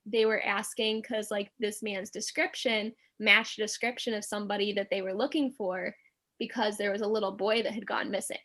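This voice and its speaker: A young woman telling a story as a podcast guest, animated and acting out the quotes, with many filler words. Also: medium pitch. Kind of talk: casual storytelling.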